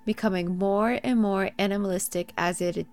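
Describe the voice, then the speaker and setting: A young woman co-hosting a casual chat, animated and laughing, swearing freely and reading a scary story aloud. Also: medium pitch, moderate pace.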